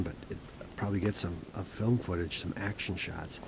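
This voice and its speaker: A man hosting an outdoor show, telling a rambling story to the camera beside a creek. He drops to a whisper at times and grows loud and animated while retelling a phone call. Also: sits low, normal speed, creaky, noisy background.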